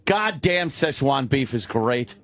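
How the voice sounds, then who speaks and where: A man's voice: medium pitch, lively intonation, slow, fairly bright tone. A man hosting a radio show, rambling through casual stories and laughing at himself. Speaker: radio host. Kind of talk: casual studio banter.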